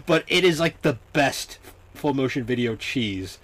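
A man's voice: mid-range voice, expressive, a little slow, fairly bright tone. Laughing young man co-hosting a podcast. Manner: laughs often, many fillers. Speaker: podcast co-host. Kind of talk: casual chat.

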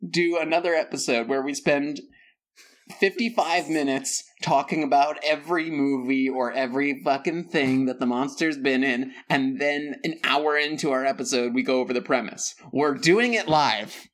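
A man's voice: mid-range voice, moderate pace, a bit bright. A man co-hosting a comedy podcast, bantering playfully and jumping into mock-dramatic bits. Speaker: podcast co-host.

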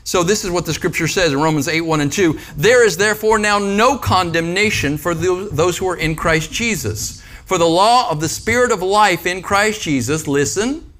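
A man's voice: high voice, moderate pace, hardly any pauses, a bit bright. A man preaching a conversational sermon as a pastor, with joking asides and frequent calls of "Amen?" and "right?" to the congregation.

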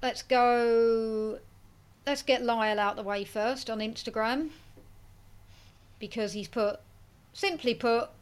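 A woman's voice: fairly high pitch, slow pace, long pauses, smooth. A woman co-hosting a casual film podcast, chatty and self-mocking as she reads out listener comments. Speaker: podcast co-host.

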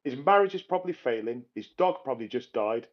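Lively crude-joking man. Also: medium pitch, fast. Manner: crude joker, lively and bantering. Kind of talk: casual banter podcast. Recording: dull lo-fi sound.

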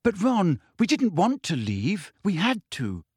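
A man voicing an earnest, clever teenage schoolgirl in an audiobook reading, brisk and firm. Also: sits high, wildly swooping pitch, a little mellow, breathy edge, no echo, studio quality, voice pushed up, exaggerated voice.

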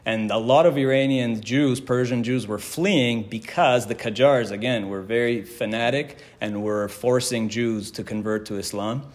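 A man's voice: mid-range voice, fairly even intonation, normal speed, hardly any pauses. A man teaching a religious class in a casual, conversational way, telling stories and quoting verses. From Canada. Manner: conversational, chuckles often, quotes Hebrew verses. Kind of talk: casual lecture with storytelling.

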